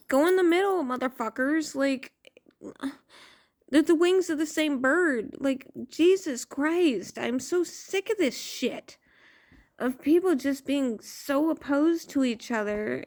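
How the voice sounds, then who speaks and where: A woman tarot vlogger on a casual, profane rant, blunt and exasperated. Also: on the high side. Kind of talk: casual ranting monologue.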